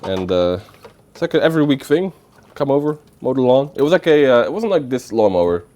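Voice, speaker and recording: A man's voice: medium pitch, sing-song, a little fast, warm tone. Guy rambling thru a goofy story on stream, voice bounces all over, tons of fillers. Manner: rambling, playful, lots of filler words. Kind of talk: casual livestream storytelling.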